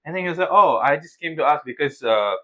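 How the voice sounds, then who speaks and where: Young guy on a podcast, kinda high voice, super animated storytelling, swears a lot. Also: quick pace, highs cut off. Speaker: podcast co-host. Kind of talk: casual chat.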